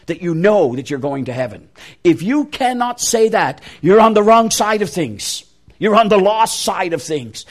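A man preaching an interactive sermon, making emphatic, repeated appeals to his listeners. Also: high-pitched.

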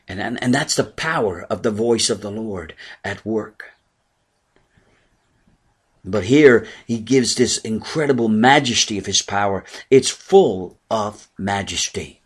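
A man preaching a sermon in earnest, rising for emphasis and dropping low and soft at times. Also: measured pace, breathy edge. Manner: earnest preaching, swelling and dropping to near whispers. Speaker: pastor.

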